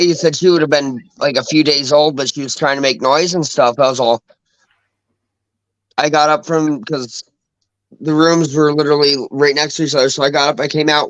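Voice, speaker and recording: Higher-pitched male host, halting storyteller, dry recording. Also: fairly even intonation, a bit bright, no room sound, poor audio. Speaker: podcast host. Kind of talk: casual chat.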